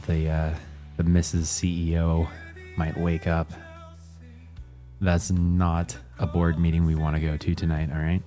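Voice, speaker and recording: A man hosts a live gaming stream from home, chatting casually and greeting viewers by name while close to his desk mic. His voice is low with a dark tone, and music plays underneath it.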